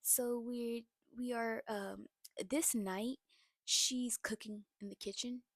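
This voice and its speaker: A young adult woman recapping a film in a casual, animated, slangy way, laughing between lines. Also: a little high, takes it slowly, no room sound, studio quality. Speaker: movie reaction vlogger.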